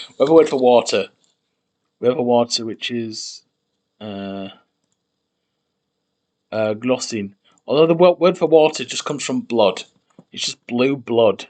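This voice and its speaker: A man streaming himself building a made-up language, thinking aloud while typing, muttering and repeating words to try them out. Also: medium pitch. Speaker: conlang streamer.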